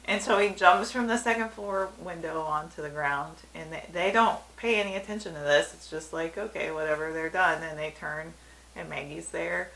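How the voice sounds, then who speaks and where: A woman co-hosting a casual episode review, retelling scenes with animated bits of acted-out dialogue. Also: lowish voice, moderate pace, a little hiss or hum, rough recording. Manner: animated retelling, acting out quoted lines. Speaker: podcast co-host.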